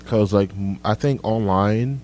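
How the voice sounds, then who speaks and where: Low, mellow young man, very casual. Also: unhurried, slight background noise. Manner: relaxed, filler-heavy, says "like" often. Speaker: host reading listener comments. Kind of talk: casual chat.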